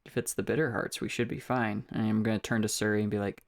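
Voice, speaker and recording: A man's voice: lowish voice, level tone, quick pace, hardly any pauses. A man playing a tabletop game in casual talk, asking questions and sometimes searching for his words. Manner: chatty, questioning, loses his words at times. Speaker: player.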